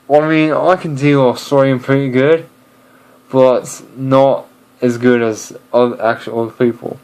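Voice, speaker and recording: A young man chatting casually to camera, rambling and hesitant, with many pauses and restarts. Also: medium pitch, fairly even intonation, darkish tone, low-quality recording. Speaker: video creator.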